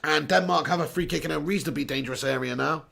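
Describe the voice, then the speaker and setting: A man's voice: a little high, quick pace, creaky, fairly bright tone. A young man hosting a live football watch-along, chatting and joking while he reads out viewers' comments. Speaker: live stream host.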